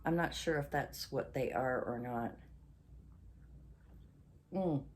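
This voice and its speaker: Slow-talking older Canadian woman. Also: extremely low pitch, a little hiss or hum. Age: 60s. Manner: rambling, loses her train of thought; indignant ranting. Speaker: craft channel host. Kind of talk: casual chatty vlog.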